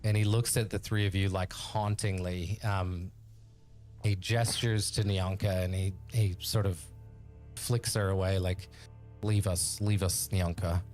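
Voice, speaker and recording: Slow, rambling male game master. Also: deep voice, little pitch movement, darkish tone, soft background music. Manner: rambling, with many fillers. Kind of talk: narrating a tabletop game.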